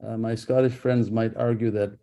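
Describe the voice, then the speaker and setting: A man with a mellow, warm voice talks as an author guest in a radio interview. He answers thoughtfully, often restarting his sentences and laughing softly. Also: on the low side, little pitch movement, normal speed. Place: radio studio.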